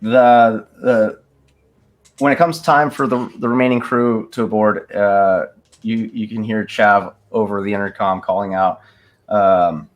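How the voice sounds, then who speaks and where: A man's voice: lowish voice, fairly even intonation, unhurried. A man narrating as game master of a tabletop role-play, loose and casual with lots of fillers.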